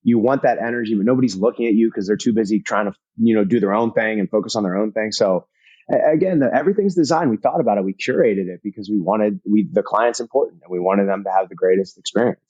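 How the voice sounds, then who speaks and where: A man talking as a guest in a casual interview, energetic and emphatic, swearing casually and repeating phrases for punch. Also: fairly low pitch, quick pace, no room sound, highs cut off. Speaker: podcast guest, fitness entrepreneur.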